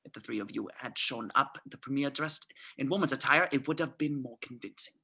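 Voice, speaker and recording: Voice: medium pitch, a little fast, creaky, bright, forceful tone, slightly rough, full character voice. An actor playing a suave, menacing Nazi colonel who talks in a mocking, theatrical way, in an amateur script reading. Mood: sneering.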